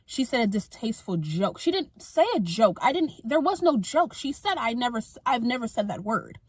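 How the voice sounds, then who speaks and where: A young woman vlogging in a casual, exasperated rant, tossing in quick asides as she talks to her viewers. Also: fairly high pitch, sing-song, husky, dry recording. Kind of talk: casual ranting monologue to camera.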